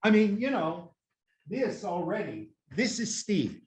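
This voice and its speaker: An older American man, a guest on a casual video-call interview, speaks slowly in a high, sing-song voice. He talks at length, rambling and poking fun at himself with lots of fillers. His laptop camera mic picks him up with slight background noise.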